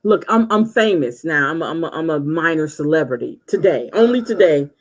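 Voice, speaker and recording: A woman in her sixties chatting and laughing on a casual livestream, telling stories with drawn-out exclamations. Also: low-pitched, expressive, rough recording. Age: 60s. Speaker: livestream host.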